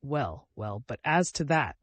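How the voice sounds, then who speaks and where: A man voicing a pompous, self-righteous gentleman who speaks formally and condescendingly. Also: medium pitch, big pitch swings, unhurried, no room sound.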